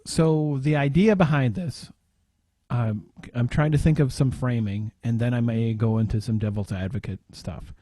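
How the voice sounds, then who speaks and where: Man, mid-pitched mellow voice, hesitant with lots of ums, dry recording, casual podcast. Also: moderate pace, dry recording. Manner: hesitant, searching for words with many ums. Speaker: podcast co-host.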